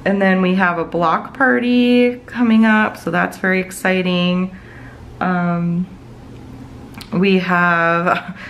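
A woman in her thirties talks in a loose, chatty way from her home office, her sentences wandering and padded with fillers. Her voice sits on the lower side. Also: a bit bright, slight background noise, poor audio. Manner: rambling, many fillers like "like" and "you know". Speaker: planner vlogger. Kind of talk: casual chatty plan-with-me talk.

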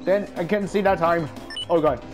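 A man giving casual gameplay commentary, excitable and yelping at every mishap, with a stuffy nose. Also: fairly high pitch, normal speed, over music. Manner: excitable, yelps and shouts at mishaps. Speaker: gaming YouTuber.

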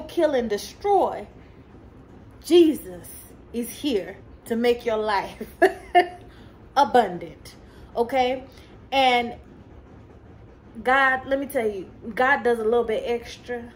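A woman delivers a fervent, preachy motivational faith talk with a fairly high voice. She slows down to press her points home and mixes in casual asides and light laughs. A faint hiss sits under the recording. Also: low-quality recording. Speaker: Christian motivational coach.

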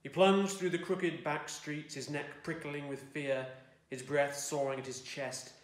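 A man's voice: a little high, fairly even intonation, unhurried, reverberant. Man reading fiction aloud, wry and dry. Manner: dry, wry storytelling, belting out the shouted lines of dialogue. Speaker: author reading his own fiction. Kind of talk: expressive audiobook-style reading. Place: home room.

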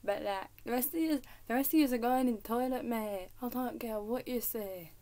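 A woman's voice: fairly high pitch, moderate pace, warm tone. A young woman with an English accent, chatting casually to camera at home, giggling and dropping into whispers. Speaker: vlogger. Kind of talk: casual rambling chat to camera. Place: at home in her room.

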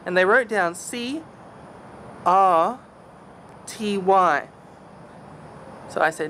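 A man's voice: sits high, takes it slowly, pauses often, bright, forceful tone, a little hiss or hum. A young man with a mild Australian accent, chatting casually and self-deprecatingly in a vlog, with plenty of fillers and trailing asides. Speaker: vlogger.

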